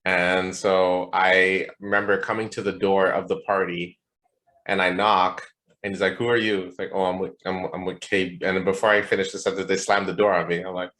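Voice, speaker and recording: A young man with a very deep, low voice tells a party story on a podcast. He is laid-back and slangy, drifting through fillers and casual swearing. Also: flat delivery, moderate pace, fairly bright tone. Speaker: podcast co-host.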